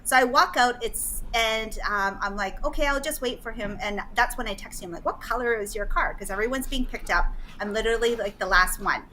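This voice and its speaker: A middle-aged woman from Canada telling a story casually, animated and laughing often, with some swearing. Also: a little high, brisk, few pauses, slight background noise, low-quality recording. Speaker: guest.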